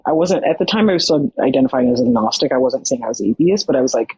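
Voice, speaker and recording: Young woman podcast guest, casual storyteller, husky breathy voice, dead-dry recording. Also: a bass voice, fast, few pauses, dry recording, low-quality recording. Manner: animated, frequent fillers and quoted dialogue.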